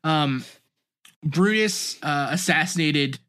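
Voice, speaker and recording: A podcast co-host who leads the discussion in an explanatory way, often pausing on "um" and opening points with "now, what's interesting.". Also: mid-range voice, fairly bright tone.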